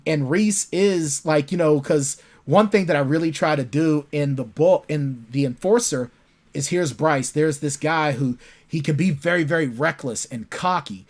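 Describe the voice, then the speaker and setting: A man, an author guest in a casual interview, telling lively stories about his characters. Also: fairly high pitch. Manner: animated storytelling, acts out his characters.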